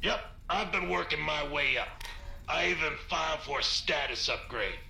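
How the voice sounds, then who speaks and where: Crude slacker tenant guy from a game, super gravelly and bright, kinda echoey. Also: on the high side, normal speed, soft background music, heavily acted. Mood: dismissive. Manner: dismissive and crude. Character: rude, boastful male tenant in a rundown building.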